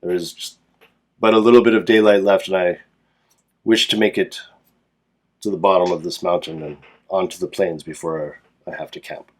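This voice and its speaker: A man's voice: deep voice, fairly even intonation, moderate pace, long pauses. A man voicing a tall, courteous human adventurer who speaks in formal, polite phrases.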